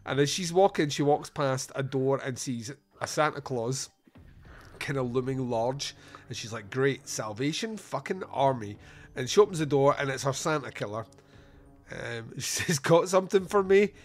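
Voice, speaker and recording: A man's voice: medium pitch, faint music behind. Scottish man in his forties, chatty host. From Scotland. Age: 40s. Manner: laughs often, recounts scenes with quick voiced quotes. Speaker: podcast host. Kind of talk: casual movie review chat.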